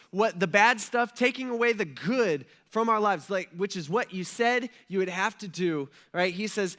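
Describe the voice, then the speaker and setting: A man's voice: high voice, expressive, normal speed, few pauses, bright, forceful tone. A male pastor preaching a sermon in a conversational way, often checking in with the congregation and acting out quoted prayers. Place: church auditorium.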